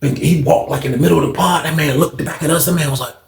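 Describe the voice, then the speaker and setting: A man telling a story in a casual, animated, slangy and profane way. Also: on the high side, fast, creaky, reverberant, crowd noise.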